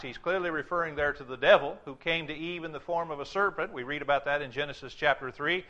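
Bright-voiced male preacher. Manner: emphatic preaching, drops low and slow for warnings. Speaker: pastor. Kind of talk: sermon.

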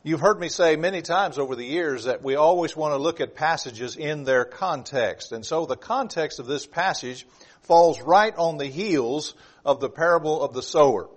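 Emphatic male preacher, fairly high voice. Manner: builds from calm welcome to loud emphatic preaching; repeats words when restarting. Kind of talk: sermon.

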